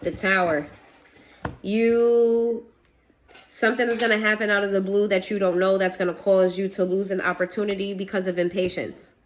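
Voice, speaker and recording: A woman reads tarot cards straight to her audience in a loose, blunt way, cursing and laughing as she goes. Her voice sits at an ordinary pitch for a woman. A faint hiss of noise runs under the recording. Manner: blunt, swears, laughs, talks straight to viewers. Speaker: tarot reader. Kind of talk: casual tarot reading to camera.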